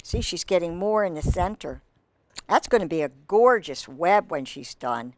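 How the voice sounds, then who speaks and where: Lively woman reading a storybook to kids. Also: lowish voice, normal speed, no echo. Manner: chatty asides to young listeners, playful animal sounds. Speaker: children's storyteller. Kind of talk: reading a picture book aloud to children.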